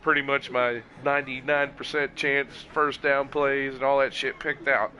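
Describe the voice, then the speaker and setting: A man chatting casually while gaming, swearing often and telling animated stories. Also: mid-range voice, normal speed, dull audio, a little hiss or hum. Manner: profane, animated storytelling.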